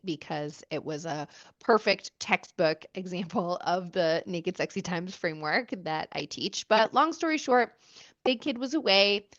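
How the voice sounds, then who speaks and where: A woman's voice: medium pitch, muffled recording. A woman in her thirties hosting a personal podcast, telling her story candidly and reflectively with frequent fillers. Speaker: podcast host.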